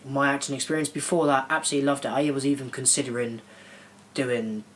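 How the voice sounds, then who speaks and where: A man's voice: medium pitch, level tone, fast talker, fairly bright tone. A young man co-hosting a podcast, chatting casually and telling self-mocking stories. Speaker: podcast co-host. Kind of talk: casual chat.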